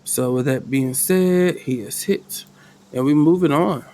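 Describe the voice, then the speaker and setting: A man's voice: mid-range voice, unhurried, a little mellow. Slangy laid-back man narrating a solo game. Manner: loose, slangy, thinking aloud with laughs. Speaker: game master playing solo. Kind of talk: casual tabletop game narration.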